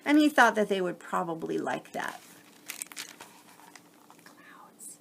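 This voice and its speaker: A woman gently and expressively reading a children's picture book aloud. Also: lowish voice, big pitch swings, takes it slowly, creaky, a little hiss or hum. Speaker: storyteller.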